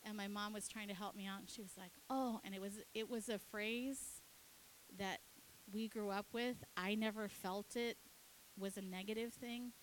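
A woman's voice: mid-range voice, a little hiss or hum, low-quality recording. Woman pastor telling a family story. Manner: animated, acts out her kids and herself in quick dialogue. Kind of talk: sermon storytelling.

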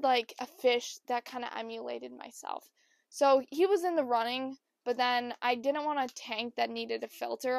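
A young woman telling comic stories about her pets, lively and swearing, acting out what people said. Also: on the high side, creaky, no echo, clean studio sound. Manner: animated, swearing, acts out quotes with big swings in loudness. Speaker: storyteller. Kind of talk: comedic storytelling monologue.

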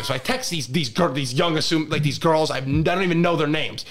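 A young man co-hosting a sports podcast, telling a story in a lively, laughing way with plenty of false starts. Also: a little high, brisk, a crowd in the background. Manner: animated storytelling with laughs and restarts. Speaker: podcast co-host. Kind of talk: casual sports podcast banter.

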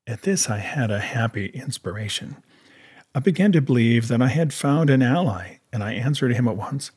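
A man's voice: medium pitch, expressive, normal speed, darkish tone, breathy edge. Man narrating an audiobook. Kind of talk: scripted first-person narration.

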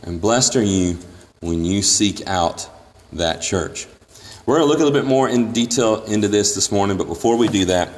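Earnest preacher in a reverberant church. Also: male voice, normal speed, slight background noise. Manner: earnest, emphatic, raises pitch when quoting scripture. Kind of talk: sermon. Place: church sanctuary.

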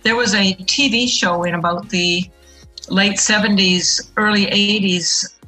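A middle-aged woman with a bright, forceful voice explains her points earnestly in an interview and leans hard on the key words. Faint music plays quietly underneath. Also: medium pitch, steady tone, measured pace, rough recording. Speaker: guest. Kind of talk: interview answer.

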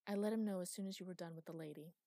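A woman's voice: lowish voice, very fast, dark tone, dry recording, clean studio sound. A woman voicing a loyal, dutiful female servant with an earnest manner.

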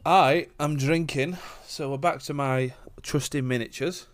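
A man's voice: on the high side, fairly even intonation, a little slow. An English man co-hosting a podcast, talking in a matter-of-fact way and teasing with swearing. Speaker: podcast co-host. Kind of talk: casual banter.

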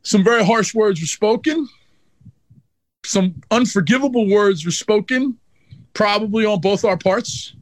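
A high-pitched man telling a blunt, profanity-laced backstage story with animated energy. His voice is recorded dry and close, with no room sound. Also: measured pace, no room sound. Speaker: wrestling manager guest. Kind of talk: candid storytelling interview.

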